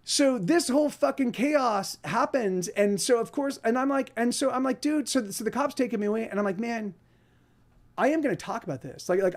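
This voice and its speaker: High-pitched socal guy ranting, swears a ton, keeps restarting his sentences. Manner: angry, profane, rambling with many restarts; quotes others in put-on voices. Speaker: podcast host. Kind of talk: profane storytelling rant.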